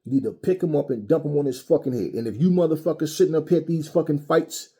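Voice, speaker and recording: Angry, husky-voiced man ranting. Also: a little high, quick pace, mellow. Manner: angry, profane, mocking. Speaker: boxing commentary channel host. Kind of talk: heated opinion rant.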